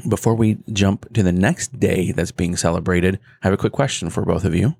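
A man co-hosting a casual talk show, relaxed and matter-of-fact. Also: deep voice, fairly quick, creaky, no echo, studio quality. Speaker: co-host. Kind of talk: casual chat.

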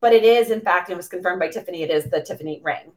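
A woman in her forties from the Boston area, a coach telling stories as a podcast guest in a gushing, excitable way with lots of fillers. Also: lowish voice, fast. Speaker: interview guest, women's coach. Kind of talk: animated storytelling in a podcast interview.

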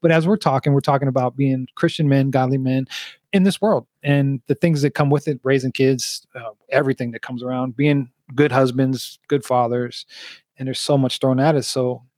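A man in his forties hosting a podcast, telling animated stories and laughing often. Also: mid-range voice, normal speed, no echo, clean studio sound. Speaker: podcast host. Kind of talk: casual podcast chat.

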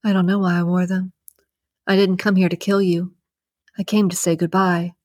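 A woman's voice: on the low side, level tone, moderate pace, a little mellow, no echo, studio quality, lightly acted. A woman reading the lines of a cornered, remorseful female assassin in an audiobook, in a defensive, ashamed manner.

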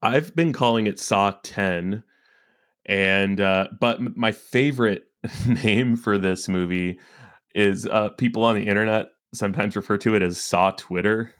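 Low-voiced man, playful co-host, casual banter. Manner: joking, playful, quick to laugh. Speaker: podcast co-host. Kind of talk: casual chat.

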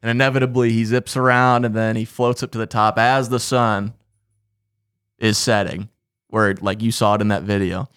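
A man's voice: fairly low pitch, steady tone, normal speed, a bit bright, clean tone, dry recording, studio quality. A man co-hosting a podcast, telling a long comic story in casual, profane chat. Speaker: podcast co-host.

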